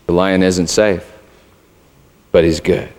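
Earnest pastor preaching in an echoing hall. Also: male voice, sits low, little pitch movement, takes it slowly, darkish tone. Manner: earnest, conversational preaching with fillers. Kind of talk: sermon. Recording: echoey hall.

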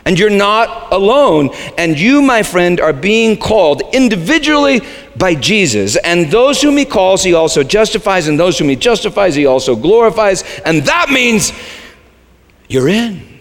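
A man preaching a sermon as the pastor, shifting between quiet low asides and sudden high, shouted lines. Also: sing-song, a little slow, long reverb tail.

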